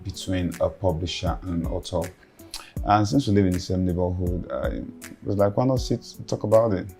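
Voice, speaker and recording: An actor with a Nigerian accent playing a businesslike, persuasive publisher. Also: male voice, deep voice, fairly quick, dark tone, faint music behind. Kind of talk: film acting.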